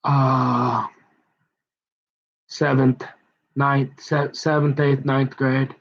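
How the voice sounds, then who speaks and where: A man's voice: mid-range voice, level tone, very slow, gravelly, muffled recording. A man doing a rambling, self-mocking comic monologue. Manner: rambling, self-mocking, slips into put-on voices. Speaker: comedian.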